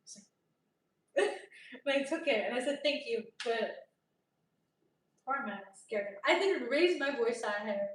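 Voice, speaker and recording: This is a young woman vlogging in a casual storytime way, loud by nature and quick to laugh as she plays out the voices in her story. Her voice sits high and lively. It rings with heavy room echo and sounds set back from the microphone. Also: distant mic. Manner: animated, laughs often, acts out dialogue loudly. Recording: echoey room, voice from off-mic.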